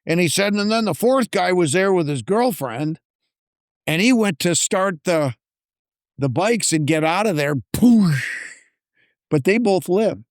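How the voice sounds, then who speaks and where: A man tells a story as a podcast guest, in animated casual chat. His voice sits fairly high for a man. The sound is dry and close. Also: measured pace, dry recording. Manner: animated storyteller, acts out dialogue.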